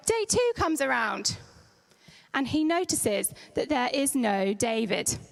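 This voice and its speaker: A woman's voice: high-pitched, very animated, takes it slowly, creaky. A woman leading children's church, telling a Bible story in a playful, slangy, dramatic way. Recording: church hall reverb.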